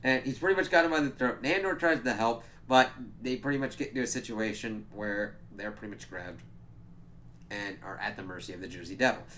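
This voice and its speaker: A man giving a casual spoiler review, excitable and profane, with many filler words. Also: medium pitch, fairly quick, a little hiss or hum. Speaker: TV episode reviewer.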